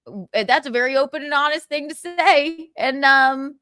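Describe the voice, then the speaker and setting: A woman's voice: sits high, moderate pace, pushed and bright. A young woman hosting a livestream, chatting casually, reading viewer comments and laughing often. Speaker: livestream host.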